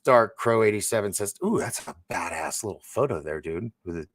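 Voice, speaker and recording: A man's voice: lowish voice, animated, brisk, fairly bright tone. A man hosting a livestream in a loose, rambling, chatty way, often laughing as he reads the chat. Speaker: livestream host. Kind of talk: casual livestream chat, reading the chat.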